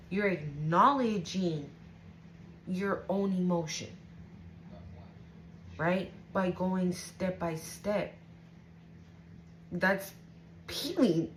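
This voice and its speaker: Drawing out her words with long pauses, a woman with a lowish voice reads tarot intuitively for her viewers on a low-quality recording with slight background noise. She keeps it casual and emotional, swearing often and frequently asking "right?".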